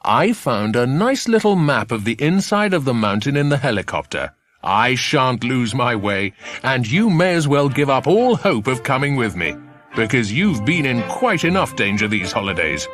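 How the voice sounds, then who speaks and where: A man voicing a cheerful, confident grown man who tells his tale briskly, in an audiobook. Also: medium pitch, big pitch swings, fairly bright tone, faint music behind. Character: cheerful, confident adult man, kindly friend. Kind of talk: audiobook character voice.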